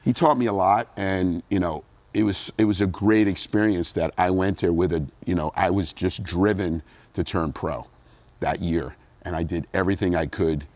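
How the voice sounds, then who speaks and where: In a low-pitched voice at a moderate pace, with no room sound, a middle-aged New Jersey man recounts his days as a pro bodybuilder in a relaxed interview. He tells it with animation, performing the quotes of the people involved.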